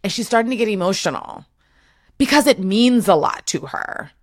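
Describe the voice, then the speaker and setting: A woman host in heartfelt conversation, earnest and openly emotional and often circling back on her words. Her voice sits at a middle pitch. It is recorded dry and close, with no room sound. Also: lively intonation, moderate pace, no echo. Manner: earnest and emotional, full of restarts.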